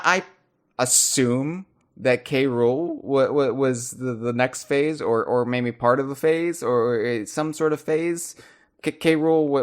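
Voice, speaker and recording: Excitable male podcast host. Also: mid-range voice. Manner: animated, rapid, loud bursts of exasperation. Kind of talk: casual podcast chat.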